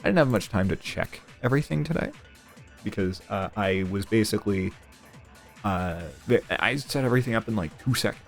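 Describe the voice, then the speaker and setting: A young man chats casually on a live stream. He rambles, swears freely and laughs often, and his pitch swings widely. Faint music plays behind him. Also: animated, a little fast, vocal fry.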